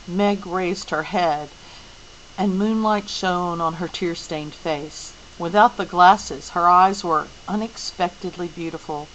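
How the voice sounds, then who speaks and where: A woman reading a novel aloud as narrator, expressive. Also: on the low side, slow, slight background noise, low-quality recording. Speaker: audiobook reader.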